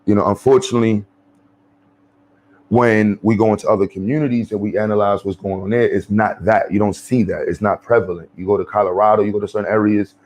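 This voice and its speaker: A man's voice: fairly low pitch, steady tone, fast talker, darkish tone. A man hosting his channel, giving blunt, profane off-the-cuff commentary. He rambles with many fillers and restarts.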